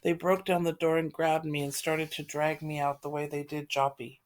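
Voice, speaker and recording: A woman's voice: sits low, level tone, normal speed, natural voice. Brief: woman reader voicing a remorseful, anxious teen girl; pleading, self-critical.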